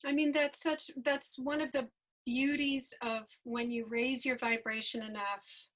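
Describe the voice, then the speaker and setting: A high, bright-voiced woman hosts a casual interview over a video call. She talks in a chatty, effusive way and laughs easily. Her voice comes through a home video-call setup. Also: steady tone, unhurried, poor audio. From New York. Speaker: host.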